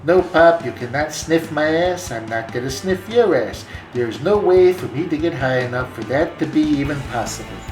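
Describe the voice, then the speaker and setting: A man puts on a cocky young male dog, exasperated with his father, in a cartoon. The voice is a little higher than the narrator's, with a roomy echo and faint music behind. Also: lively intonation, normal speed, few pauses, darkish tone, lightly acted.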